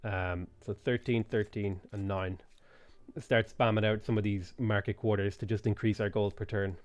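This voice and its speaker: A man streaming a strategy game live, thinking aloud in a relaxed way with frequent ums. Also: on the low side, normal speed, no room sound. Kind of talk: live gameplay commentary.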